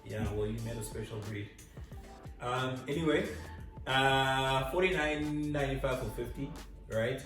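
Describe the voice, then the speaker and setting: A man's voice: medium pitch, a little slow, fairly bright tone. Chatty man in echoey room. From Zimbabwe. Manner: chatty, self-mocking. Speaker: vlog co-host. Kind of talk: casual storytelling. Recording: echoey room, distant mic, music.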